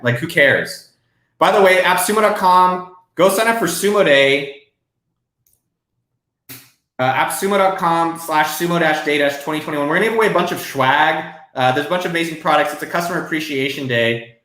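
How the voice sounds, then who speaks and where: A man hosts a live question-and-answer stream from his home desk. He talks in a loose, excitable way and swears now and then. His voice sits fairly high, and the room adds a noticeable echo. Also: moderate pace. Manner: casual, excitable, profane. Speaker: host.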